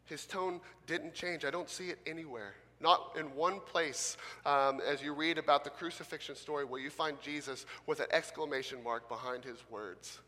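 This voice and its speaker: A man preaching from the pulpit, his bright, forceful voice carrying a long reverb through a church sanctuary. He swings between loud, emphatic bursts and soft, gentle asides, slightly higher-pitched than most men. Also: moderate pace, hardly any pauses. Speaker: pastor. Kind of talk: sermon.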